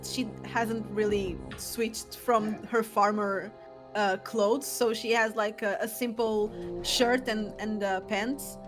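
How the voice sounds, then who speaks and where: A woman's voice: mid-range voice, fairly even intonation, takes it slowly, over music. A woman playing her character in a tabletop game, speaking casually and a little hesitantly. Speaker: player. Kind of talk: in-character tabletop role-play.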